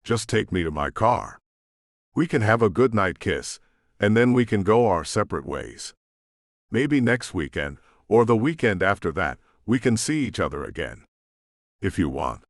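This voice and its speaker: A man voicing a guarded young woman in an audiobook, in a soft, hesitant tone. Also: lowish voice, very animated, normal speed, dry recording, studio quality. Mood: evasive.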